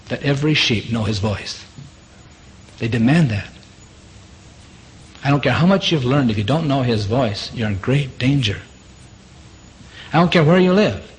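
A man's voice: medium pitch, low-quality recording. Earnest male preacher, faint hiss. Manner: earnest, repetitive, rhetorical questions. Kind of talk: sermon.

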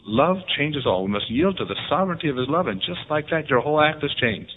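A man preaching a sermon with animated storytelling, jumping up in pitch to act out quotes. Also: quick pace. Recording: tinny phone-like band.

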